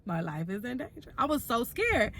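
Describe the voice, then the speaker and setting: A woman's voice: a little high, big pitch swings, normal speed, fairly bright tone. A young adult woman telling a storytime vlog, retelling events with emphatic repeats and asides. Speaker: vlogger.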